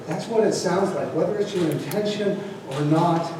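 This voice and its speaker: A man's voice: fairly high pitch, animated, a little fast. A man making an impassioned, defiant public comment at a meeting. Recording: echoey hall from far off, noisy.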